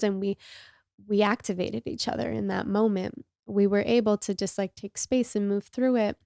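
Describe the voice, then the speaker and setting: A woman podcast host telling a personal story in an open, emotional and confessional way, sometimes dropping to a soft near-whisper. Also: medium pitch, steady tone, moderate pace, vocal fry, dry recording, studio quality.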